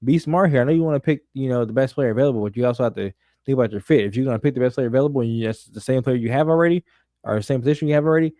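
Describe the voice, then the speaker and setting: A man's voice: medium pitch, very fast, warm tone, no room sound, clean studio sound. A young man co-hosting a sports podcast, talking emphatically and profanely in casual chat. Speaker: podcast co-host.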